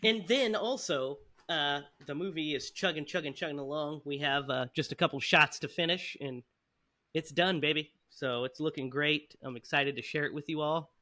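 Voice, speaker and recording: Man, podcast host, high bright voice, animated storytelling, laughs often. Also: normal speed. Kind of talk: casual chat, storytelling.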